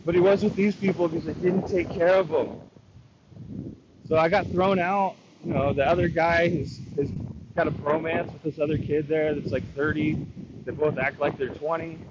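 A man's voice: a little high, steady tone, normal speed. Rambling man venting over noisy lo-fi audio. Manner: rambling, frustrated, quotes himself in dialogue. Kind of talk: casual storytelling rant. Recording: lo-fi with loud background noise.

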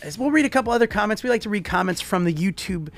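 A man co-hosting a podcast in casual chat, reading out listener comments and jumping into excited high bursts. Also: racing, soft background music. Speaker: podcast co-host.

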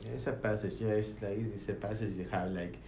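A man's voice: lowish voice, steady tone, fast, creaky, darkish tone, a little hiss or hum. A man joining a casual Bible study discussion, talking in a loose, informal and rambling way.

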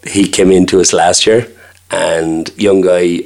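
Irish guy, chef, real low voice, chatty, does the voices in his stories. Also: steady tone, slow, creaky, a little mellow. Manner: chatty storyteller, acts out quoted dialogue. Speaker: restaurant owner and chef. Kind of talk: casual interview chat.

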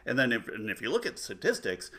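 A man's voice: mid-range voice, huge pitch swings, quick pace, bright, forceful tone. A man in his forties telling a rambling family story in casual chat, full of restarts and self-mocking humor. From United States.

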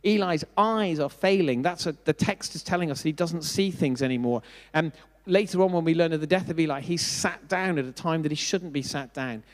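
Middle-aged preacher in a reverberant hall. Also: male voice, a little high, fairly quick, hardly any pauses. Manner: conversational, self-deprecating, asks the congregation questions. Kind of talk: sermon.

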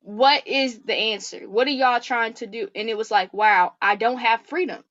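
A woman guest on a faith-based podcast, talking earnestly in an animated, preacherly way. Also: on the high side, moderate pace, muffled recording.

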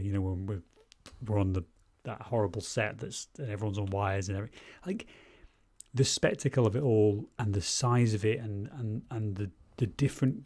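Low-voiced male podcast co-host, punchy and opinionated, dry close mic. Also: dry recording. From Scotland. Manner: animated, opinionated, swears for emphasis. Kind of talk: casual film review chat.

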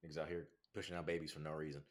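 A young man from California in casual chat, talking in a hesitant, halting way with many restarts. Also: rumbling low, little pitch movement.

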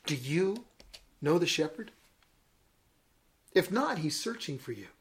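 Male bishop with a higher-than-usual voice, delivering an expressive devotional sermon story. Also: slow. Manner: dramatic, varied delivery with chuckles at his own jokes. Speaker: bishop giving a daily devotional message.

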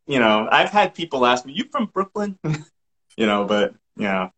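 A man's voice: mid-range voice, big pitch swings, normal speed, a bit bright, rough recording. A middle-aged man from Massachusetts with a light Massachusetts accent, a guest chatting casually and laughing often. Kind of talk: casual podcast chat.

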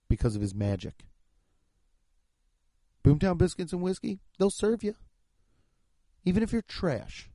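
A comedy podcast host reads sponsor ads with profane, over-the-top hype. His voice is medium-pitched and mellow, and the recording is dry.

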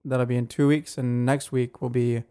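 This man co-hosts a casual podcast and talks in an easygoing way, dropping the odd dry joke. His voice has a mid pitch. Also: little pitch movement, normal speed, mellow, clear, resonant tone. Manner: easygoing, joking. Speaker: podcast co-host. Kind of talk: casual chat.

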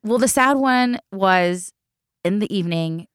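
A woman telling stories in casual chat, animated and quick to act out what people said. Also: medium pitch, clean tone, no room sound, clean studio sound. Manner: animated, acts out quotes, swears.

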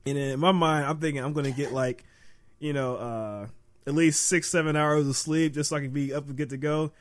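A man's voice: medium pitch, steady tone, brisk. A man from the in casual chat, telling stories in a rambling, slangy way and laughing often.

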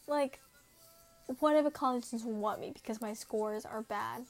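Teen girl, vlogger, high voice, heavy vocal fry, anxious, self-deprecating, rambling, laughs often. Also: fairly even intonation, measured pace. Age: late teens. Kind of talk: casual rambling monologue.

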